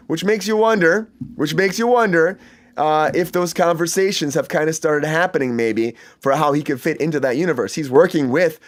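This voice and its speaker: A man hosting a casual entertainment news chat, talking in a chatty, enthusiastic way with many fillers and asides. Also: a little high. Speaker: host.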